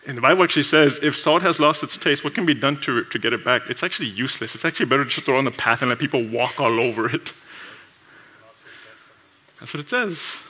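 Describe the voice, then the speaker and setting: A man preaching a sermon in a lively, conversational way, laughing often and acting out short exchanges with coworkers. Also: mid-range voice. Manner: acts out coworkers' voices in quick asides. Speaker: pastor.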